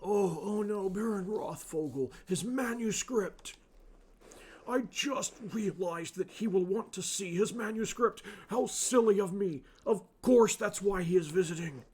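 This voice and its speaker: A man voicing a pompous, cocky young lawyer who is also a monk, in a raised, theatrical voice. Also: husky. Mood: flustered. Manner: theatrical, raised pitch, loud and quick.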